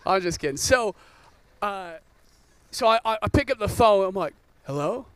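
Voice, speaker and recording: A man's voice: high-pitched, animated, moderate pace, a bit bright, clear, resonant tone, no room sound. A man in his thirties, a pastor, preaching a sermon and telling a joking personal story.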